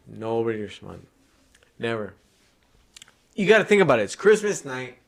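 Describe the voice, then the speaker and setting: A man's voice: mid-range voice, sing-song, moderate pace. Male podcast host, casual and profane, rambling storyteller.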